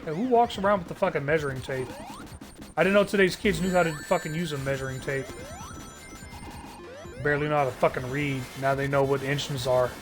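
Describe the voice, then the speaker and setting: A man's voice: a little high, a little fast, pauses often, over music. A man ranting sarcastically on a live stream, swearing often and stumbling through restarts. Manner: profane, heated, sarcastic ranting with frequent filler restarts.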